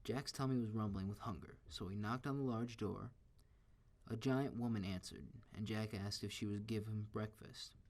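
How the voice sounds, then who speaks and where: A man reading a children's story aloud in a steady, expressive way. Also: on the low side, moderate pace.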